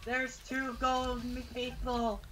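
A man's voice: very high-pitched, monotone, takes it slowly, a loud crowd, poor audio. A man playing a video game with a friend, chatting casually and joking around in a laid-back way. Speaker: co-player. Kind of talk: casual gaming chat.

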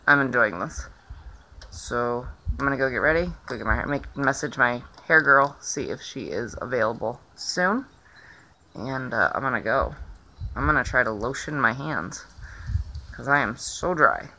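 A woman chatting casually in a vlog, rambling along with lots of filler pauses, filming herself on a phone outdoors. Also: rumbling low, lively intonation, pushed and bright, a little hiss or hum. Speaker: vlogger. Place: outdoors in the sun.

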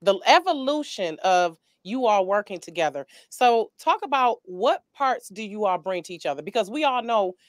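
A woman in her forties hosting an interview, asking eager follow-up questions with quick restarts. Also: mid-range voice, expressive, no echo, studio quality. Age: 40s.

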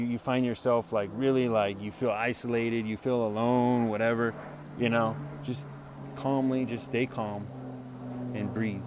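Preaching informally to the camera, this self-styled man of faith rambles earnestly, stumbling through fillers and restarts and often checking in with "right?". His medium-pitched voice is a little mellow, with slight noise behind it.

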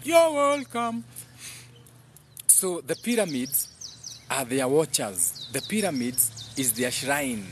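A man's voice: on the high side, slight background noise. A man hosting a live stream, preaching in a rambling monologue that hops between English and Swahili and reads out viewer comments. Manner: repeats phrases in chant-like bursts.

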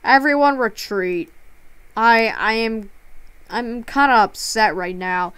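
A woman's voice: fairly high pitch, slow pace, a bit bright, clear, resonant tone, no echo. A woman streaming a game live, upset and close to tears, talking in stammering restarts with a plaintive tone.

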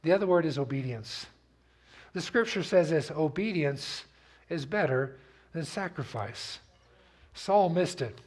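A man's voice: fairly high pitch, animated, a little slow, pauses often, husky. A man preaching a sermon as pastor, telling stories in a conversational way and asking the congregation to repeat after him. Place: church sanctuary.

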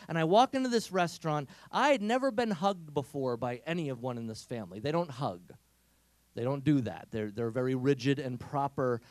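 A man giving an energetic, humorous inspirational talk to teenagers, telling stories. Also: fairly high pitch, no room sound. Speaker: speaker.

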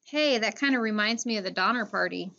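A woman's voice: medium pitch, brisk, gravelly, bright, forceful tone. A woman voicing an anxious younger boy who keeps asking worried questions, on a dull lo-fi recording.

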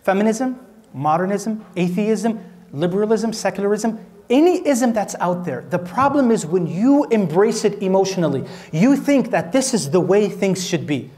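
A man from Minnesota delivers an Islamic talk in a high-pitched voice. He speaks conversationally, peppering listeners with rhetorical questions and light jokes. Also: normal speed. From Minnesota, USA. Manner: asks the audience rhetorical questions, animated and joking. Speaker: sheikh giving a lecture.

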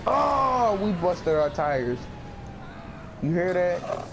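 A man's voice: high-pitched, very animated, drawn-out words, background noise. A man hosting a casual gaming session with friends, joking around and laughing a lot. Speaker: gaming channel host.

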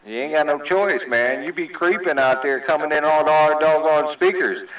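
Man, mid pitch, CB radio host, joking radio lingo, echoey distant sound. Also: moderate pace, fairly bright tone. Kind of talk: casual CB radio chat. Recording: roomy CB radio audio heard from a distance.

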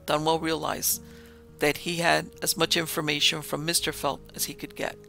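A man hosting a podcast, telling a ghost story and reading its dialogue in a steady, measured way. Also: on the high side, vocal fry. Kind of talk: storytelling narration with quoted dialogue. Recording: faint music behind the voice.

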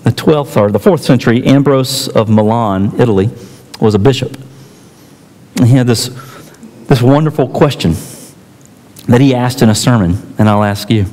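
A man preaching a sermon as pastor, telling stories and acting out quotes with emphatic pauses. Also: mid-range voice, dark tone. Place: church sanctuary. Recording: church hall reverb.

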